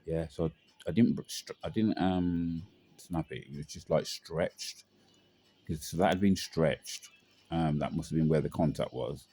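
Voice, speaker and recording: A man's voice: extremely low pitch, a little slow, dark tone. A young man telling a personal story in a rambling, slangy way with lots of fillers. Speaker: vlogger.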